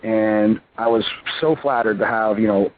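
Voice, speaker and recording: A man in his thirties, a pro wrestler and interview guest, talking in a rambling, excitable way full of fillers. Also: on the low side, normal speed. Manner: excitable, rambling, full of "you know" and "I mean". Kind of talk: casual phone interview. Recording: tinny phone line with faint hiss.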